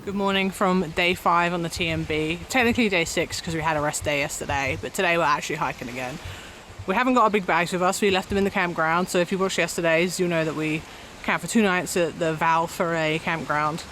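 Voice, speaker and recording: A young woman vlogging on a hiking trip, calmly walking viewers through her day. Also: on the low side, brisk, slight background noise. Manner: relaxed, explaining step by step. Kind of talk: casual travel vlog chat.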